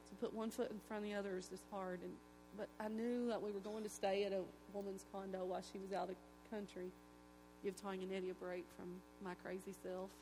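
A woman giving an emotional, folksy church testimony, telling stories with animated delivery. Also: medium pitch, a little hiss or hum. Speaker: testimony speaker.

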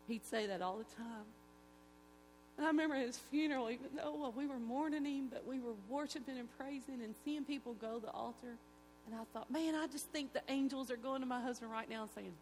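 A woman giving an emotional, folksy church testimony, telling stories with animated delivery. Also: on the high side, fairly quick, a little hiss or hum. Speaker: testimony speaker.

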